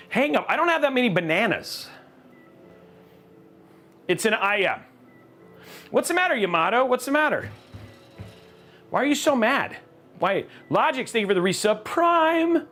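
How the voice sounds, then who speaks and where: A man's voice: sits high, measured pace, long pauses, soft background music. A man hosting a live PC-building stream, joking and chatting with viewers as he works. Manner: animated, jokey, chatting with viewers. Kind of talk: casual live-stream chat while building.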